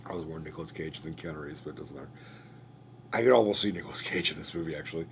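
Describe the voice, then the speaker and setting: A man's voice: rumbling low, very fast, creaky, noisy background. A man hosting a podcast, rambling through a profane, casual movie review. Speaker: podcast host.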